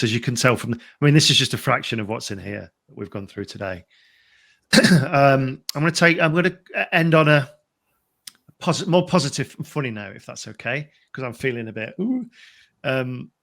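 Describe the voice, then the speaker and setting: A man's voice: medium pitch, creaky. A man hosting a podcast, chatting casually and signing off the show. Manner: chatty, warm sign-off, quick laughs. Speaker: podcast host. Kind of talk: casual chat.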